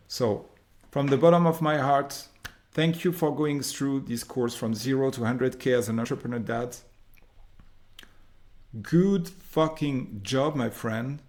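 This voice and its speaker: A man's voice: medium pitch, a little mellow. Male course instructor, French accent, upbeat and theatrical, swears casually. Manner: enthusiastic, mock-dramatic, swears casually. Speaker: online business course instructor. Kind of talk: recorded course lesson, drawing on a board.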